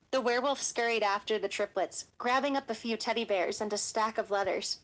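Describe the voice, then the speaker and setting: A woman narrating an audiobook in a steady, even storytelling manner. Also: on the high side, a little fast, low-quality recording.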